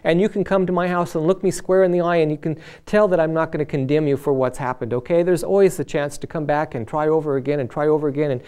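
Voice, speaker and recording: A man's voice: fairly high pitch, fairly even intonation, fast, few pauses, dark tone, smooth. Earnest man telling a testimony. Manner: earnest, conversational, acts out quoted voices. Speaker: lay preacher. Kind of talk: personal testimony storytelling.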